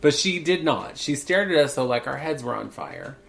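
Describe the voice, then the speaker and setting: A man hosting a podcast, telling a story in casual chat with a campy, animated manner. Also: medium pitch, normal speed, gravelly, crowd noise. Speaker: podcast host.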